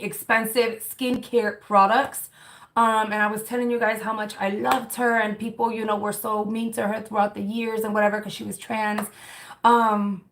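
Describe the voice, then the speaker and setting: A woman in her thirties talks to her livestream viewers in a loose, rambling way. She restarts her sentences often and fills the gaps with "um" and "like". Her delivery is candid and conversational. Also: mid-range voice. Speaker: livestream host reading chat comments. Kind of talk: casual chat.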